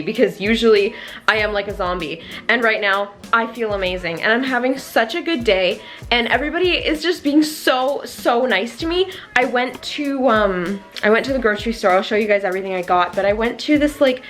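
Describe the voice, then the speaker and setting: A young woman chatting casually in a fitness vlog, bubbly and excited, her voice jumping up in delight. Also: a little high. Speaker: fitness vlogger.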